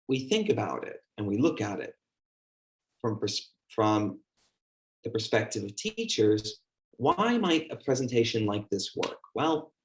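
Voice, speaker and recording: A man running an online teaching workshop, chatty and full of fillers, acting out how he talks to a class. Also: mid-range voice. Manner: chatty, filler-heavy, demonstrates classroom talk. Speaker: teacher trainer.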